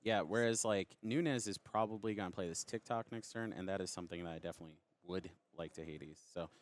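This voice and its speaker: Man, deep low voice, color commentator, card game analysis, conversational, analytical. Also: fast talker. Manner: conversational, analytical, speaks from own play experience.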